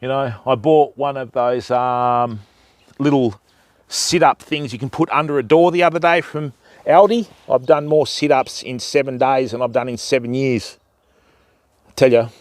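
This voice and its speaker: A man's voice: mid-range voice, fairly even intonation, normal speed, dry recording. An older man with an Australian accent, hosting a fishing livestream in casual, rambling chat with jokes and the odd swear, outdoors by a river. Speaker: fishing channel host.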